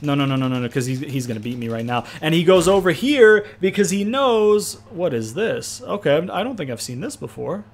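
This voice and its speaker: A young man giving casual, profane let's-play commentary, trash-talking and excitable as he plays a wrestling game. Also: a little high, brisk, hardly any pauses. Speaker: gaming commentator.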